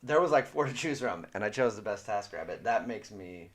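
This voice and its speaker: A man's voice: fairly low pitch, animated, brisk. A man co-hosting a podcast, telling self-mocking stories in casual, profane chat. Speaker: podcast co-host.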